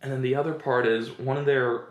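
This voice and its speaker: A man's voice: medium pitch, steady tone, fairly quick. Podcast host, man, rambling joker, roomy recording. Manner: joking, rambling storyteller. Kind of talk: casual chat.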